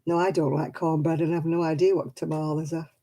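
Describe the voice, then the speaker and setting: A crochet vlogger from Oldham, England, with a Lancashire accent, chats on her live crafting stream and answers viewer comments as she works. Her voice is low, mellow and warm, a little fast, and she laughs often while keeping things relaxed.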